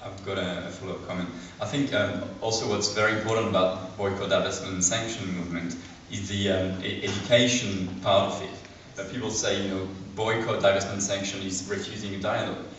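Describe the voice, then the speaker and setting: A man speaks from the floor at a book launch, slightly low in pitch and stumbling through his stories with many fillers and restarts. The recording is lo-fi and picked up from a distance in a very echoey room. A faint hum of room noise sits underneath. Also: fairly even intonation, brisk, few pauses, a bit bright. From France. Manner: hesitant, full of fillers and restarts. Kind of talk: anecdotal public talk. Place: large echoey room at a public event. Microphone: distant room mic. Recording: echoey, lo-fi, from far off.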